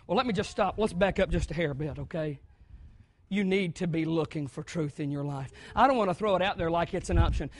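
A man from the American South preaching a sermon, moving from quiet, conversational talk up to loud, shouted preaching. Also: high voice, expressive, a little fast.

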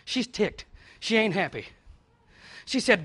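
A man preaching a sermon, telling a story and swinging between hushed asides and shouted lines. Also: extremely high pitch, animated, fast talker. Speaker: pastor.

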